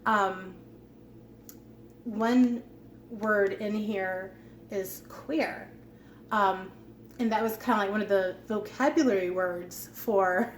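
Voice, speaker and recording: A woman's voice: mid-range voice, slow, fairly bright tone. A woman chatting casually as a vlogger about her books, with lots of ums and asides. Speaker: vlogger showing her book collection. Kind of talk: casual chat. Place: at home. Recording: echoey room with faint background hum.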